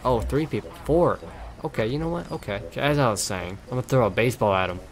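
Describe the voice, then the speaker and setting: A man's voice: medium pitch, animated, quick pace, background noise. Swearing, exasperated young gamer man. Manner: swearing, exasperated, loud outbursts. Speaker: gameplay streamer. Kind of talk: casual gaming commentary. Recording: game music behind.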